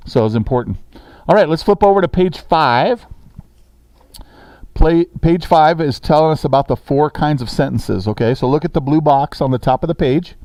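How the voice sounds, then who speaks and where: A man's voice: fairly high pitch, lively intonation, moderate pace, a little mellow, dry recording. A man teaching a sixth grade grammar lesson in a classroom, talking casually and checking in with the students often.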